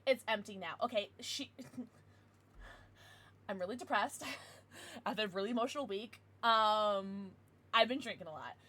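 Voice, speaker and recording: A young adult woman streamer chatting casually with her viewers, with excited outbursts. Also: mid-range voice, moderate pace, pauses often. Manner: chatty, answers viewers, bursts of excited squeals. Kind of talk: casual live-stream chat.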